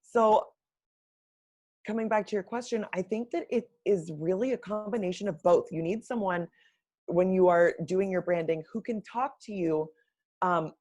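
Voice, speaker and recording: A woman who works as a brand strategist, answering interview questions in a measured, explanatory way. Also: lowish voice, dark tone. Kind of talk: casual live-stream interview.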